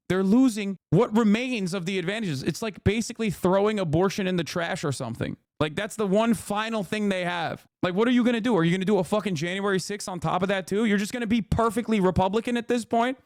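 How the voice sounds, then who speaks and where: A man streaming political reaction commentary in a casual, animated, profane way. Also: high voice, no room sound, clean studio sound. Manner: animated, profane, laughing often.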